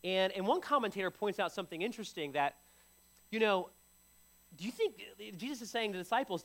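Lively, conversational male preacher. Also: sits high, brisk. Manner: conversational, repeats words, lively delivery. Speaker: pastor. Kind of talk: sermon.

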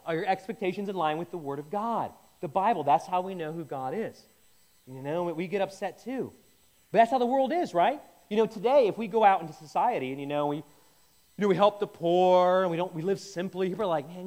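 A man's voice: high-pitched, sing-song, a little fast, a little mellow. A man leading an informal Bible teaching, conversational and jokey, often stopping and restarting mid-sentence. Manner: conversational, self-interrupting, jokey asides. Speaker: pastor.

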